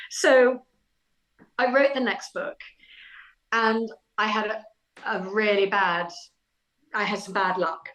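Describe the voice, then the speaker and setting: A middle-aged woman, talking as a guest in a podcast interview. She tells her stories in a lively, chatty way, with self-deprecating humour and an easy conversational pace. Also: mid-range voice, poor audio. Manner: animated, chatty anecdotal telling with self-deprecating laughs. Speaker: author guest. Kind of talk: casual interview storytelling.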